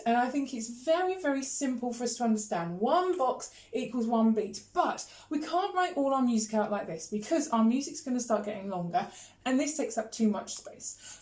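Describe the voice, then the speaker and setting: A woman's voice: on the high side, darkish tone. A woman teaching a rhythm lesson on video, counting beats aloud and chanting rhythm syllables in an encouraging way. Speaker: music teacher. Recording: echoey room.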